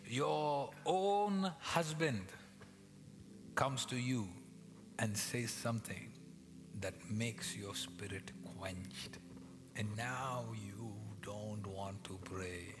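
A man's voice: lowish voice, drawn-out words. Male pastor, dramatic sermon delivery, whispers and bursts, long church reverb with music bed. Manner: dramatic, swings between loud acted quotes and hushed whispers.

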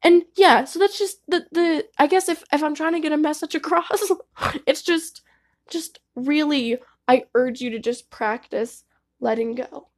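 A woman's voice: high voice, unhurried. A young woman giving candid, casual advice to her viewers, swearing freely and saying "like" a lot. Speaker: vlogger.

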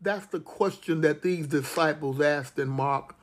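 Slow, high-pitched impassioned male preacher. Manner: impassioned, building to cries; slow, deliberate phrasing with repetition. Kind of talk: sermon.

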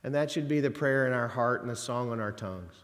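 A fast-talking pastor with a fairly bright, mid-range voice preaches a sermon in an echoing church sanctuary. He keeps it conversational, dropping folksy asides and emphatic quotes.

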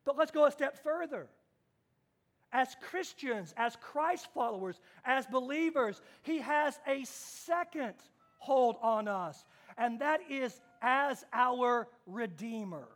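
A man with a strikingly high voice delivers a sermon from the pulpit, stacking up repeated phrases for emphasis. He slows down to stress key words, then hurries through asides to his listeners. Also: animated, a bit bright. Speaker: pastor.

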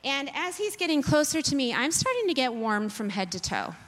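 A woman telling a personal testimony in an animated, self-deprecating storytelling manner. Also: high voice, fairly quick. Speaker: speaker sharing a personal testimony. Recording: long hall reverb.

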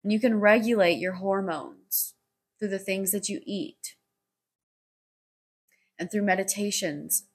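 Husky woman rambling on a podcast. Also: medium pitch, a little slow, long pauses. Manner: rambling, heavy on filler "like", frequent swearing. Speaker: podcast host. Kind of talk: solo podcast monologue.

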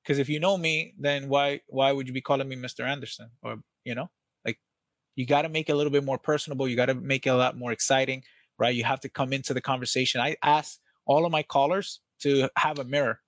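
A man's voice: medium pitch, steady tone, fast, fairly bright tone, no echo. A man, guest on an interview, talking energetically and casually about training salespeople, acting out phone calls, with some swearing.

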